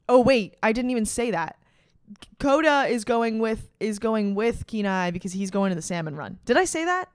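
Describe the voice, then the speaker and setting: A woman's voice: mid-range voice, smooth, no echo, studio quality. A young adult woman hosting a podcast, retelling a story in casual, profane, slang-filled chat with dramatic emphasis. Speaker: podcast host.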